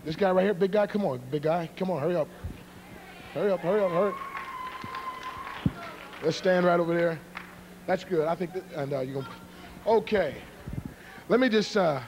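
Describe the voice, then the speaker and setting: A man's voice: a little high, darkish tone, slight background noise. A middle-aged man, an evangelist, joking and teasing a live church audience before a karate demonstration. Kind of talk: humorous sermon introduction to a live congregation.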